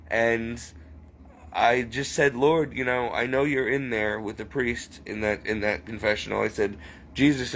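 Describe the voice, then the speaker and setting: Gravelly-voiced man, halting and emotional. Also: medium pitch, a bit bright, slight background noise, rough recording. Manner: rambling, halting and tearful. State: emotional, near tears. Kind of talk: emotional personal confession.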